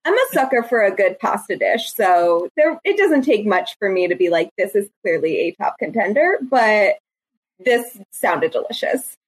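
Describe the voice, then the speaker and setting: A woman's voice: mid-range voice, big pitch swings, normal speed, husky, low-quality recording. A woman co-hosting a podcast in casual chat, enthusiastic and rambling. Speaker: podcast co-host.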